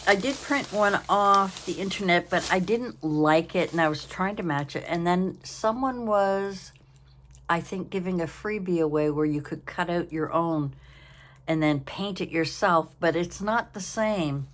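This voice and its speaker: Tired, slow-talking older woman. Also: lowish voice. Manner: chatty, rambling, yawning, apologetic. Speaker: craft channel host. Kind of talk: casual crafting vlog. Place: home.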